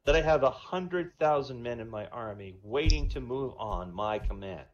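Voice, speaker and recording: A man voicing a stern, self-assured male president who speaks in a measured, commanding way, over a dull lo-fi voice chat. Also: mid-range voice, expressive, natural voice.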